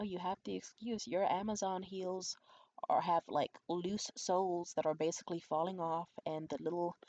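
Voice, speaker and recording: A young adult woman vlogger telling a candid, profane story in a conspiratorial way. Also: muffled recording. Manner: acts out quoted voices high and loud. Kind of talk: storytime vlog.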